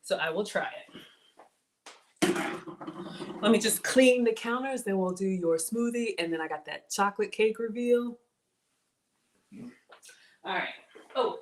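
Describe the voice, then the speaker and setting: Cooking on a livestream, a Southern American woman in her forties chats casually with her audience in a slightly high voice, unhurried and with frequent pauses. She calls the chat "y'all," keeps up a friendly conversation, and thanks viewers for their support.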